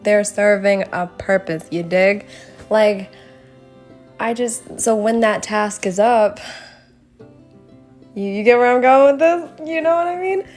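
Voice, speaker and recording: A woman's voice: medium pitch, slow, pauses often, a little mellow, soft background music. A young woman chatting casually while she shows her sketchbook, often breaking into embarrassed giggles and rambling asides. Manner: giggly, self-conscious, rambling. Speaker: artist vlogger. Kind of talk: casual sketchbook tour chat.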